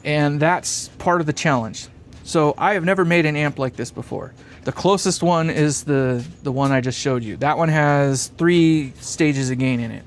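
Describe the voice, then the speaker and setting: Brief: fairly high-voiced man, live-stream host who rambles and chuckles, faint hum behind. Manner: rambling, thinking aloud, chuckling often. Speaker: live-stream host building a guitar amp. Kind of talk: casual live-stream chat, reading comments. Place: workshop bench.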